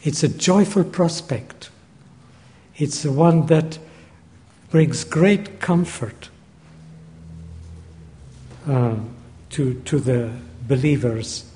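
A man preaching a Bible teaching sermon, measured and deliberate, repeating key phrases for emphasis, recorded in a large church hall. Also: fairly high pitch, warm tone, slight background noise. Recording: long hall reverb.

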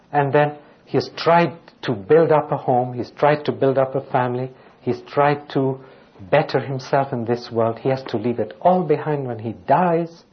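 A man of middle pitch delivers a sermon, reading scripture passages aloud and pressing his listeners with rhetorical questions. The recording sounds dull and lo-fi, with little top end. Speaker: preacher.

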